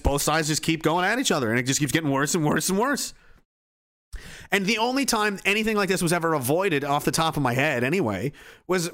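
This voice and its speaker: A man talking casually, profanely and excitedly, full of "like" and restarts. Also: a little high. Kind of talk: casual rant.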